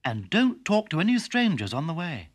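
A man's voice: a little high, huge pitch swings, moderate pace, husky, voice pushed up, heavily acted. A man doing a fussing, firm mother. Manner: fussing, instructive. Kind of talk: children's story tape acting.

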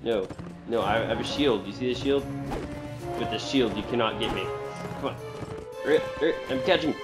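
Excitable man commentating his gameplay. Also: lowish voice, moderate pace, pauses often, music in the background. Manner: excitable, frequent outbursts and exclamations. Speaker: gamer.

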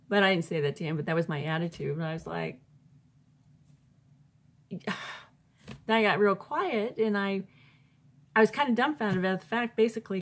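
A Christian author, a woman, tells a personal faith testimony informally, with many fillers and restarts, and acts out her own past thoughts in raised, emphatic bursts. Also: medium pitch.

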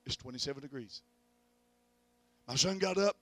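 A middle-aged evangelist preaching at a revival, telling a family story and rising to loud peaks of faith. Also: male voice, mid-range voice, normal speed, dry recording. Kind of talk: revival sermon. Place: church.

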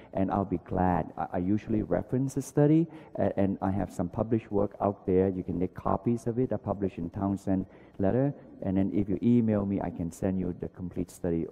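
A man's voice: deep voice, vocal fry, dark tone. A man in his sixties giving an earnest academic conference lecture, often repeating words and using non-native grammar. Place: large conference hall. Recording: dull lo-fi hall recording.

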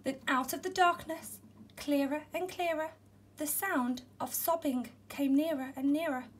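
A nursery teacher, a woman, reading a picture book aloud to young children in a gentle, expressive storytelling voice. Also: high voice, a little slow.

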